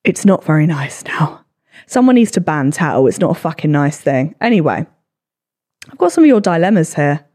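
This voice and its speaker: Low-voiced sarcastic woman podcaster. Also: big pitch swings, normal speed, darkish tone. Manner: swearing, sarcastic, self-deprecating. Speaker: podcast host. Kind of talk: solo podcast chat, reading comments.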